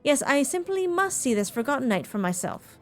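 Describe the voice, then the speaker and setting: A woman's voice: sits high, big pitch swings, a little fast. A woman voicing a young, earnest nobleman who speaks politely in formal, old-fashioned phrasing, with faint game music behind her.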